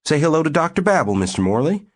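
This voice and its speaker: A man's voice: fairly high pitch, sing-song, fast talker, pitched above the performer's own voice. Miss Burm, a man doing an eager woman.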